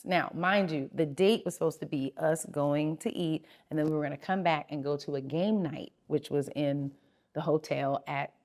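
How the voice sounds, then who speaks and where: A middle-aged woman hosting a podcast, telling a personal story candidly and with animation. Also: fairly low pitch. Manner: candid, animated, laughing through an awkward story. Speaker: podcast host.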